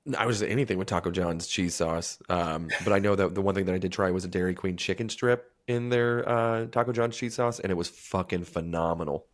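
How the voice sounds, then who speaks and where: A married man co-hosting a podcast, chatting casually and telling animated, profane stories with acted-out quotes. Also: low-pitched, brisk, hardly any pauses. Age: adult, married. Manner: animated storyteller, swears freely, acts out quotes. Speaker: podcast co-host.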